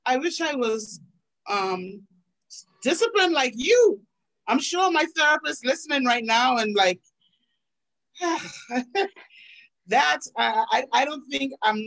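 A woman's voice: on the high side, fairly bright tone, low-quality recording. A woman hosting a webinar over a video call, effusive and hesitant, with many restarts. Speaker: webinar host.

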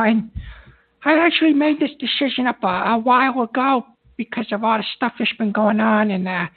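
A man hosting a call-in radio show, talking in a weary, hesitant way and trailing off. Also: very high-pitched. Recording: tinny phone line.

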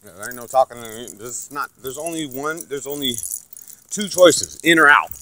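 A man ranting profanely and aggressively about God and church, swinging from loud outbursts to low muttering. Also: moderate pace, a little hiss or hum. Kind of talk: profane religious rant to camera.

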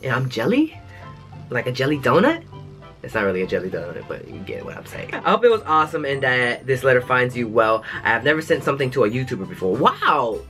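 Male vlogger, mid pitch, lively and jokey, reading viewer letters over soft music. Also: fast. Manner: animated, jokey asides between letters. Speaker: YouTube host. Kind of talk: reading fan mail aloud.

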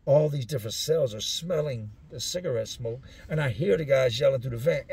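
Gravelly man telling street stories. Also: medium pitch, fairly quick, few pauses, a little mellow, no echo. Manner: street slang, acts out other people's voices. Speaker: storyteller recounting his prison years. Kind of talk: casual spoken storytelling.

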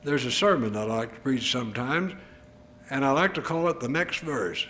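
A man's voice: a little high, a bit bright. An older male preacher delivering an earnest, emphatic sermon full of rhetorical questions. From United States.

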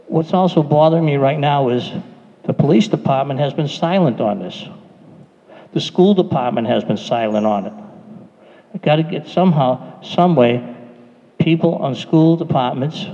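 A man's voice: mid-range voice, moderate pace, mellow. A man making an earnest, pleading public comment at a meeting. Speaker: resident speaking at a public meeting. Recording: dull, echoey hall recording.

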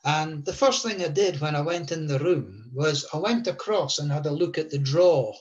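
A man in his seventies from Scotland, recalling old anecdotes in an interview with a rambling, halting delivery. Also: on the high side, expressive, muffled recording. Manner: rambling, many fillers and restarts.

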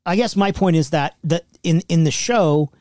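A middle-aged man co-hosting a podcast, chatting casually and agreeably, with lots of quick short affirmations. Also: a little high, darkish tone, dry recording, studio quality. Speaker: podcast co-host. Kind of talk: casual conversational chat.

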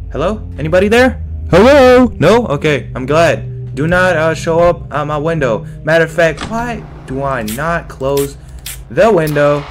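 A chatty man streaming a horror game, his voice sitting at an ordinary middle pitch. He talks without pause, jumpy and quick to panic, with game music playing behind him. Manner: nonstop chatter, jumpy and panicky with sudden yelps. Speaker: gaming streamer. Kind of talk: horror game let's play commentary.

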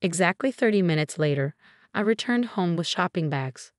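A woman in her forties tells a first-person story in an even, measured delivery. Her voice sits on the low side, and the recording is close and dry with no room sound. Her tone stays steady throughout. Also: no echo. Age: 40s. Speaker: narrator.

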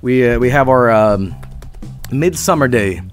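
A man's voice: medium pitch, expressive, measured pace, soft background music. A man with a Swedish accent, a native Swedish speaker, giving rambling, joking commentary over a game stream and swearing freely.

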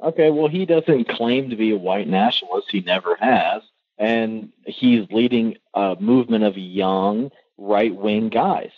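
A man's voice: fairly low pitch, unhurried. A man calling in to a radio show, arguing back and interrupting. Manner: argumentative, interrupting. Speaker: caller. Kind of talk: call-in debate. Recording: dull lo-fi phone line.

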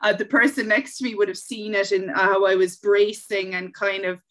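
A woman hosting an interview, asking questions and affirming her guest in a measured way. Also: medium pitch, little pitch movement, a bit bright, poor audio. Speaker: interview host.

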